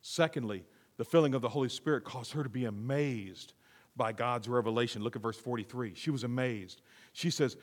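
A man preaching a sermon as pastor, reading scripture and swinging from hushed asides to loud, emphatic repeated lines. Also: medium pitch, brisk. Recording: long reverb of a large room.

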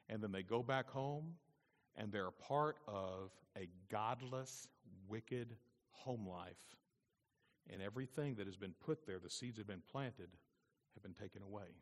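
A male pastor preaching a sermon with emphatic repetition to his congregation. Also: on the low side. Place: church sanctuary. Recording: long reverb in a church hall.

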